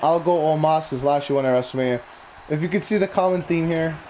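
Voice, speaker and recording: A man's voice: a little high, fast talker, a little mellow, slight background noise. A man talking casually and bluntly, rambling through opinionated predictions with plenty of swearing. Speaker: wrestling commentary vlogger.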